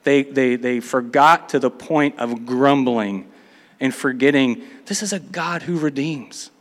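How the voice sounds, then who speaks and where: A man's voice: mid-range voice, unhurried. A man preaching a sermon, reading scripture aloud and acting out the complaints of the people in between. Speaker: pastor. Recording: long hall reverb.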